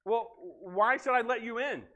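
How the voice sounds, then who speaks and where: Man playing a gatekeeper angel, questioning, casual, high-pitched. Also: unhurried, pushed and bright, full character voice.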